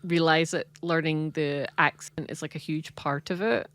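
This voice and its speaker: A British woman co-hosts a podcast in a low, slightly bright voice, speaking at normal speed with fairly even intonation. She chats casually, laughs often, and restarts her sentences a lot.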